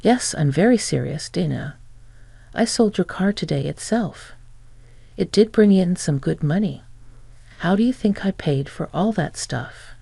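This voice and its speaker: A woman's voice: lowish voice, animated, a little slow, vocal fry, warm tone, slightly rough, no echo, heavily acted. A woman voicing a smug, entitled middle-aged mother-in-law who speaks nonchalantly and taunts.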